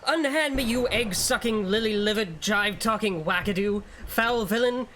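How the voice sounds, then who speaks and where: A woman's voice: mid-range voice, moderate pace, a bit bright, slight background noise, voice pushed up, close to an everyday voice. A woman voicing an overexcited vampire who mixes slang from many centuries, hurling theatrical, over-the-top insults. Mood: indignant.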